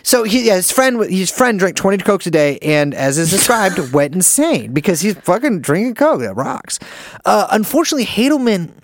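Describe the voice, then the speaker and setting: A man's voice: high-pitched, sing-song, moderate pace, dry recording, studio quality. A man co-hosting a podcast in casual, rambling and profane chat, joking and restarting his sentences. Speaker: podcast co-host.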